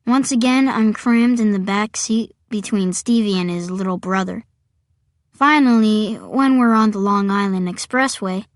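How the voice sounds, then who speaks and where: A woman's voice: medium pitch, dry recording, clean studio sound. A woman reading a first-person audiobook in a wry, conversational storytelling manner. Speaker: audiobook narrator.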